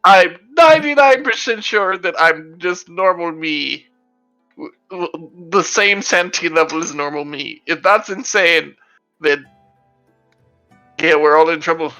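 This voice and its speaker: A man's voice: fairly high pitch, measured pace, sharp tone, soft background music, poor audio. A man playing a tabletop game, chatting casually, rambling and laughing as he jokes with the group. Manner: rambling, joking, laughs often. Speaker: player.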